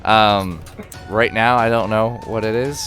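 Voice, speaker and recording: A man's voice: on the low side, fairly even intonation, a little slow, fairly bright tone, faint music behind. A young man casually hosting a live tabletop game as dungeon master, playful and jokey.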